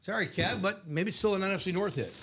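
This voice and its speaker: A man's voice: sits high, fast, fairly bright tone, a little hiss or hum. A middle-aged man hosting a live card-break stream, chatting casually and upbeat and laughing often.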